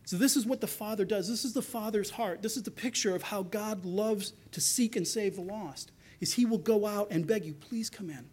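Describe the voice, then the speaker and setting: High-voiced man preaching animatedly. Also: brisk, hardly any pauses. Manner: animated preaching, acting out characters' quotes with rising intensity. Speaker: pastor. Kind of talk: sermon.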